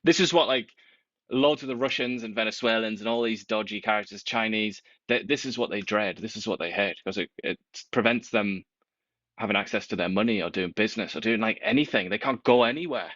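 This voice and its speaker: A man co-hosting a casual political chat, talking in an animated, wry way with big swings in pitch. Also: brisk, no echo, highs cut off.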